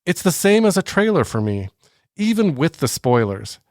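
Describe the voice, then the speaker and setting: A man's voice: fairly high pitch, big pitch swings, moderate pace, no room sound, studio quality. A man co-hosting a casual movie podcast, reading listener comments and joking with his co-hosts. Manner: joking, wraps up with a ranking. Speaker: podcast co-host.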